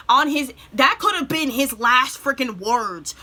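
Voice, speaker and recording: A young woman talking through a favorite cartoon scene with raw emotion, her voice bright and slightly high. She rushes through some lines in excited bursts and chokes up on others, stopping to pull herself together. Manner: tearful, breaks off to compose herself; animated retelling with quick bursts. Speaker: vlogger. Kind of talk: emotional show recap.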